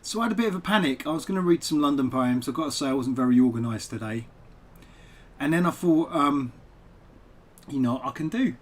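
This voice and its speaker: A man's voice: mid-range voice, animated, a little fast. A man talking casually and digressively while streaming a game from home, chatting to viewers as a poet. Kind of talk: casual live-stream chat over gameplay.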